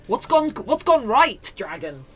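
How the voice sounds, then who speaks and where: A woman's voice: a little high, big pitch swings, measured pace, husky. A British woman streaming live, chatting playfully and mock-dramatically with her viewers while she crafts.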